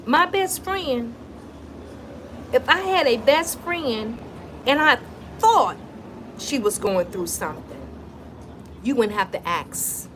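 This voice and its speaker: Woman host, casual live-stream chat, emphatic and chatty, voice a little high. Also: lively intonation, slow, long pauses, a bit bright, slight background noise. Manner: chatty and emphatic, talks straight to viewers. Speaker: wellness vlogger.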